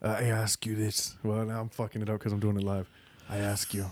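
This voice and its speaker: Lowish-voiced guy on a podcast, hyped about superheroes, cusses a lot, dry close sound. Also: moderate pace, dry recording. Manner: swears freely, excitable and joking. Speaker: podcast guest. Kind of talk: casual chat about comics.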